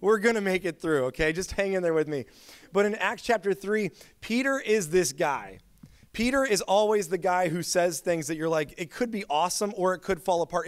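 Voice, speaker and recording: A man's voice: high voice, no room sound, studio quality. A man preaching a sermon as pastor, telling stories in a casual, chatty way with lots of filler words. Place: church.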